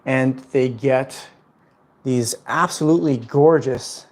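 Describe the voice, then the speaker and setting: A man hosts a laid-back livestream from his home, answering viewer questions about houseplants. His voice sits at an ordinary middle pitch. He rambles cheerfully, leaning on lots of "um" and "like" as he goes. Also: slow pace. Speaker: plant livestream host. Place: at home indoors.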